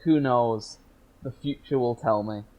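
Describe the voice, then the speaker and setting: Dude on a movie podcast, ordinary pitch, kinda loses his words a lot. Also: measured pace, narrow, tinny audio. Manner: meandering, fumbles for words. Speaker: podcast co-host. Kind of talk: casual podcast chat.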